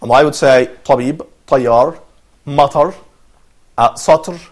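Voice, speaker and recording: A man's voice: medium pitch, slow. A man presenting and teaching a lesson, patient and encouraging, who often repeats his phrases.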